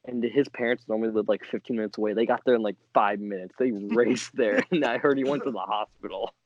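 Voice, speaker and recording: A man's voice: on the low side, fairly even intonation, fast. A young man hosting a podcast, telling a crude story in a rambling, laughing way. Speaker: podcast co-host. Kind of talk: casual storytelling chat. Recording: dull lo-fi mic.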